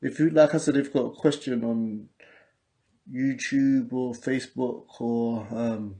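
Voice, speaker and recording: Warm and mid-range, this man's voice keeps fairly even intonation at a measured pace. He's a podcast host from England with a London accent, loosely chatting through a casual livestream and reading out what viewers write. His manner is chatty and repetitive, peppered with street slang.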